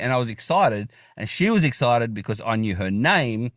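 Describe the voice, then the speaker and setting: A man's voice: medium pitch, animated, a little fast, hardly any pauses, a bit bright, no room sound. Chatty Australian man, dry close sound. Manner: enthusiastic, rambling, many restarts and fillers. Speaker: podcast guest. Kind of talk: casual interview chat.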